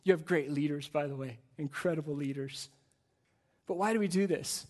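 A man delivers a sermon at a church service, and his voice sits a little high for a man. He speaks with energy and a chatty, conversational pull, often repeating words as he builds his point. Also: moderate pace, darkish tone. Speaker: guest pastor.

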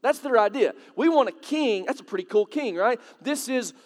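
A man's voice: extremely high pitch, animated, moderate pace, big-room sound. A man preaching a sermon in a conversational way, asking the congregation questions and building to dramatic swells. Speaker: pastor.

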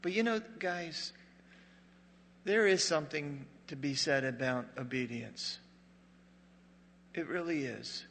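A man preaching a sermon with a slightly high, sharp and forceful voice. He tells the story like a joking, conversational storyteller and sinks to a hush at dramatic moments. The long reverb of a big hall trails after his words. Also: takes it slowly, pauses often, slight background noise. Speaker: pastor.

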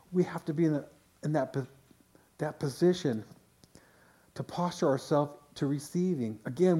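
A man's voice: fairly high pitch, a little mellow. A man pastor preaching a sermon in a conversational way, often restarting phrases and voicing quotes.

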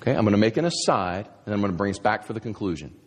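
A man's voice: lowish voice, expressive, rapid-fire, a little hiss or hum. A man preaching a sermon as a pastor, emphatic, firing off sarcastic rhetorical questions. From United States. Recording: long reverb of a large hall.

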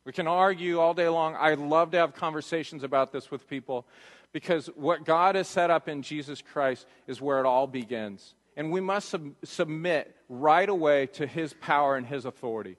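A man's voice: fairly high pitch, moderate pace. A man preaching a sermon as pastor, earnest and emphatic, repeating his points to drive them home, in a church sanctuary. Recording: reverberant church hall.

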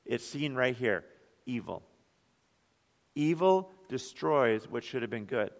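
A man's voice: medium pitch, lively intonation, slow, creaky. A man, a pastor, preaching an earnest sermon full of rhetorical questions. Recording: long hall reverb.

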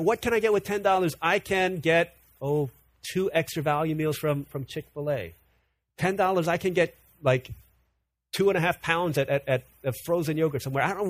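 Guy preaching, kinda high voice, dry close mic, repeats himself a lot when he gets going. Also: no room sound. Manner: animated, repeats words when building a point. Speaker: pastor. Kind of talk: sermon.

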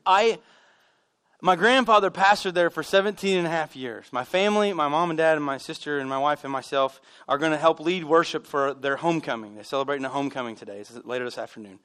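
A man preaching a sermon as pastor, telling animated stories with self-deprecating humor. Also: on the high side, fast talker, clean tone. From United States. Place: church sanctuary.

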